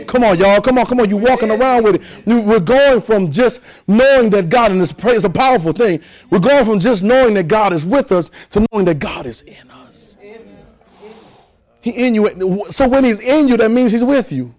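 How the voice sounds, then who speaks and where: A man's voice: high voice, expressive, moderate pace, darkish tone, low-quality recording. A man preaching a sermon, repeating phrases and leading his congregation in call and response.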